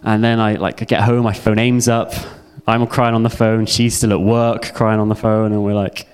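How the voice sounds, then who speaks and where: A man's voice: on the low side, little pitch movement, moderate pace, darkish tone, smooth. A young man giving a heartfelt personal testimony sermon to a youth audience. He speaks earnestly and repeats phrases for emphasis.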